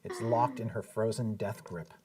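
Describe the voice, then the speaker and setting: A man narrating scenes as dungeon master of a live tabletop game, in a measured, descriptive way with frequent fillers. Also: lowish voice, distant mic, very noisy.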